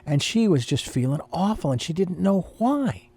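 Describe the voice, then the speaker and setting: A man hosting an interview, speaking in a measured, reflective way with some hesitations. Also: high voice, sing-song, dark tone, no room sound. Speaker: host. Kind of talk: interview conversation.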